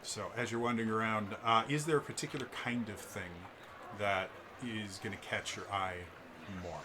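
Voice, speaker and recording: A man narrating as the game master of a tabletop role-play, describing scenes haltingly with many fillers. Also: on the low side, fairly even intonation, noisy background.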